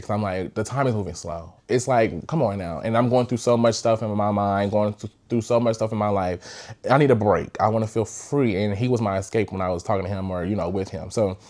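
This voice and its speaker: A young man with a somewhat low voice hosts his own podcast and tells a personal story. His delivery is loose and chatty, full of fillers and animated asides. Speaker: podcast host. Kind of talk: casual storytime.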